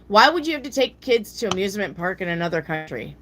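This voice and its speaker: During her casual live tarot session, this woman fires off blunt replies to viewer questions, curses without restraint and mocks people in a high voice. She talks fast and sing-song with few pauses, in a fairly bright tone.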